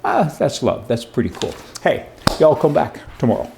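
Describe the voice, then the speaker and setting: A man's voice: a little high, sing-song, moderate pace, gravelly, background noise. A man hosting a casual political commentary monologue, sarcastic and emphatic, full of asides and rhetorical questions.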